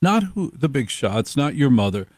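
A man imitating a smooth-talking, ingratiating middle-aged fixer who flatters everyone in a slow, deliberate way. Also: medium pitch, dry recording, clean studio sound. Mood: smooth, flattering.

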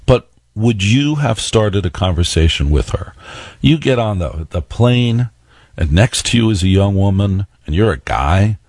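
Low-voiced male radio talk host. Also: expressive, a little slow, a little mellow, no room sound, clean studio sound. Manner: conversational storytelling, rhetorical questions to listeners. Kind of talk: radio monologue.

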